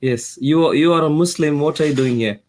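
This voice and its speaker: A man's voice: fairly high pitch, a little fast, darkish tone, a little hiss or hum. A man co-hosting a live stream, laughing often and stammering over repeated words. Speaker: co-host. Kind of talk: casual live stream chat.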